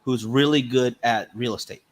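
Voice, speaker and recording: A man co-hosting a podcast, chatting casually and spinning deadpan, rambling jokes. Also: medium pitch, normal speed. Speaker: podcast co-host. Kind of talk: casual joking chat.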